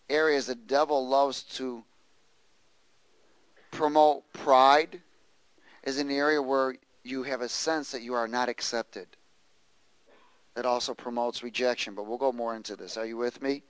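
An unhurried pastor with a smooth, mid-range voice and fairly even intonation leaves long pauses as he reads scripture aloud. He prompts the congregation to answer and repeat after him, heard in a rough recording with no echo.

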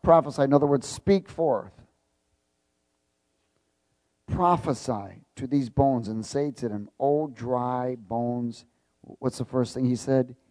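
Slow-paced emphatic male preacher. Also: mid-range voice, mellow, no room sound. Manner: reads scripture aloud, stops to quiz the congregation; emphatic, repeats key words. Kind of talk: sermon with call-and-response.

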